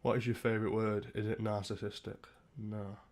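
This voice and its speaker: A young man chats crudely with his livestream viewers, rambling loosely and swearing freely. His voice sits fairly low. He talks from a room at home. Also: little pitch movement, normal speed, darkish tone. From Britain. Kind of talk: casual livestream chat.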